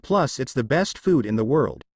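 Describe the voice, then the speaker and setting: A man's voice: medium pitch, expressive, moderate pace, husky, dry recording, clean studio sound. A man voicing a brash, cheerful young ninja boy, eager and whiny when denied. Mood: excited.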